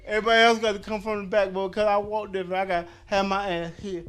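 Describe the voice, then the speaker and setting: A man in his fifties with a strikingly high, bright, forceful voice works a comedy crowd on stage. His stand-up set rambles loosely, full of asides and restarts. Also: flat delivery, fast talker, a little hiss or hum. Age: 50s. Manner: loose rambling delivery with crowd work and acted-out quotes.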